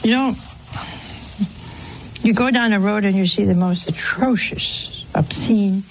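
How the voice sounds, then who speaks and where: A woman's voice: mid-range voice, unhurried, slight background noise. A woman preaching a sermon in a conversational way, asking rhetorical questions and acting out quoted exchanges.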